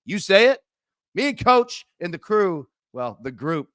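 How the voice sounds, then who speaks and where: A man co-hosting a sports betting show, talking emphatically and fast, leaning on words like "literally" as he pitches. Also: sing-song, fairly bright tone, dry recording, studio quality. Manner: fast, emphatic, repeats 'literally'. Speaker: co-host. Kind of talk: excited sales pitch and betting talk.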